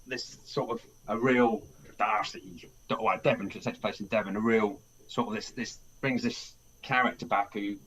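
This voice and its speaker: A man's voice: lowish voice, fairly even intonation, normal speed, few pauses, a bit bright, slight background noise, low-quality recording. Rambling man reviewing a film. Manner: rambling, restarts a lot, acts out characters' lines. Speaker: film podcast host. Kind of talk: casual film review chat.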